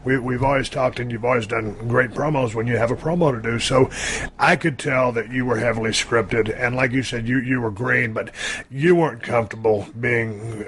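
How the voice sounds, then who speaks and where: A man's voice: mid-range voice, fairly even intonation, normal speed, fairly bright tone. A middle-aged man hosting a podcast, asking direct, conversational questions. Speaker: podcast host. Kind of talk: casual interview.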